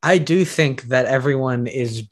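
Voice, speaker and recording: A man's voice: mid-range voice, unhurried. Man, casual film talk, hesitant, lots of restarts. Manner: hesitant, many restarts and fillers. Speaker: podcast co-host. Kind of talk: casual film awards discussion.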